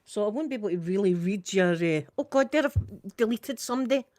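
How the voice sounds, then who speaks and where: A woman's voice: mid-range voice, lively intonation, fast talker, darkish tone, no echo. A middle-aged woman with a Scottish accent telling a long story to her live stream in a chatty, tumbling way, full of local idiom. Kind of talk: casual storytelling chat.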